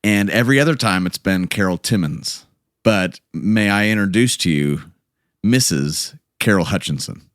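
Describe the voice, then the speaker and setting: Very deep-voiced man hosting a podcast. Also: expressive, normal speed, no echo, clean studio sound. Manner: chatty, joking, rambling asides. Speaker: podcast host. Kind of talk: casual chat.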